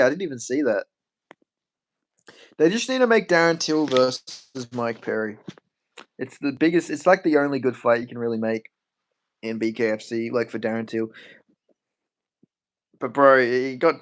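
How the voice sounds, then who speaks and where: A man rambling casually on a live stream, swearing freely as he answers chat. His pitch swings a lot as he talks. He sits in the middle of the range for pitch. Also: fairly bright tone.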